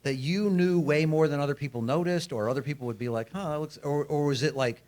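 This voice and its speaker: A man hosting a casual podcast, a playful interviewer who throws in jokes and quick questions. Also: on the high side, a little mellow. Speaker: podcast host.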